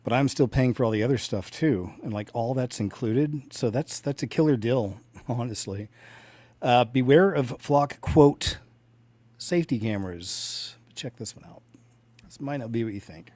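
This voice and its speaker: A man's voice: mid-range voice, normal speed, no room sound. Laid-back man reacting to clips. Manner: relaxed, conversational, filler-heavy. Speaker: commentary video host. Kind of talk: casual commentary on clips.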